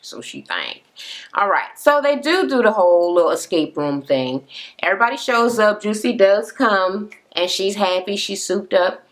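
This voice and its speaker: A woman with a medium-pitched voice, lively intonation and normal pace gives a casual, profane rant recapping a reality show. She talks bluntly and keeps the story moving, recorded on a camera-mounted setup.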